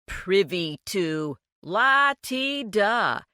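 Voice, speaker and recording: A woman voicing a brash, greedy man who mocks and shouts when crossed. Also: mid-range voice, very animated, measured pace, no room sound, clean studio sound, voice pushed up. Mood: mocking. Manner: loud, sneering outbursts. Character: brash, greedy man, mocking and quick to anger.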